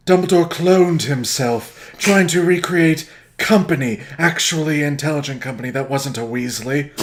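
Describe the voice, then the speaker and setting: A man co-hosting a comedy podcast, telling a story in a mock-grandiose, deadpan way. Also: a little high. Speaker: podcast co-host. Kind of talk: casual comedy chat.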